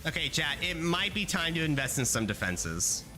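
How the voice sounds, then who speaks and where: Animated young man with a bright voice. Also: a little high, moderate pace, faint music behind. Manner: playful, swears, rambling rants to chat. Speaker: streamer. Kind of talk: casual gaming livestream chat.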